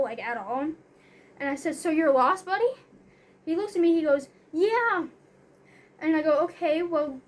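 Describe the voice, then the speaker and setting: A young woman telling a story in a casual, rambling way, filling her talk with "like" and "you know". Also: high-pitched.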